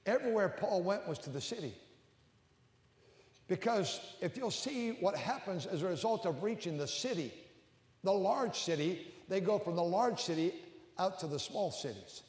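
Older preacher man booming in an echoey hall. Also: lively intonation, normal speed. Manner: rising to loud emphatic peaks, then dropping low and intimate. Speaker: pastor. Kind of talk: sermon. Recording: echoey hall with long reverb.

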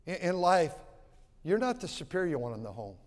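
A man's voice: fairly high pitch, very animated, moderate pace. Emphatic male preacher in an echoing church. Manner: emphatic and repetitive, with folksy asides. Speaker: pastor. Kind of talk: sermon. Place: church sanctuary. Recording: long church hall reverb.

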